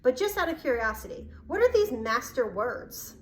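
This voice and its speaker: A woman reads as a sleek male panther from a storybook, smug and dry, quietly protective of the boy. The voice sits a little high for a panther. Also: big pitch swings, moderate pace, a little hiss or hum. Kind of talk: storybook read-aloud.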